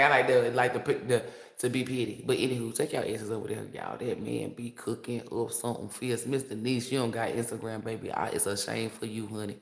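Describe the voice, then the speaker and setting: A tarot reader on a casual livestream, a man telling stories to his viewers in an animated, profane way. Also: medium pitch, roomy sound. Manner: animated, profane storytelling, addresses viewers as y'all.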